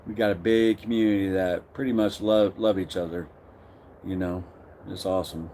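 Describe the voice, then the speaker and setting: A man's voice: sits low, fairly even intonation, moderate pace, mellow, slight background noise. A middle-aged man hosting a casual live stream, greeting viewers by name and reading their comments aloud.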